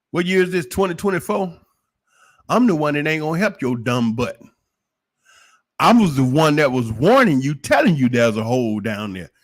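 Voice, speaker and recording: A man's voice: mid-range voice, fairly bright tone. A man giving an opinionated livestream monologue, preachy and emphatic, firing off rhetorical questions. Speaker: livestream commentator.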